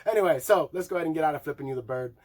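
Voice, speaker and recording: A man's voice: on the high side, rapid-fire, a little mellow. Rambling, profane man reviewing an album. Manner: rambling, profane, laughing, sings lyrics. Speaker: music reviewer. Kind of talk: casual album review vlog.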